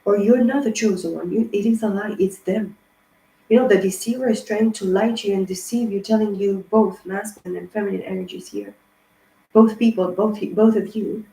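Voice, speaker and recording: Woman tarot reader, casual rambling monologue, emphatic and profane, mellow tone, echoey room. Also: mid-range voice, creaky. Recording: roomy echo.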